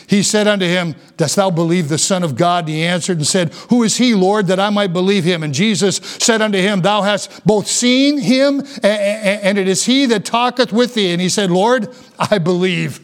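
A man preaching a sermon as pastor, reading scripture slowly and then building to fervent appeals. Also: high-pitched.

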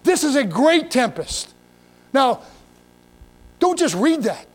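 A man's voice: very high voice, big pitch swings, takes it slowly. A pastor preaching a sermon in a folksy, emphatic way, full of repeats and asides, reading scripture and talking straight to his listeners.

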